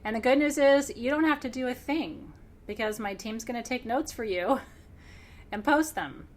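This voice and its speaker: A woman hosting a live-streamed spiritual class. She sounds excited and emotional, laughs often, clears her throat, and slows into reflective pauses as she guides a ceremony. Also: fairly high pitch. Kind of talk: live-streamed class, warm conversational teaching.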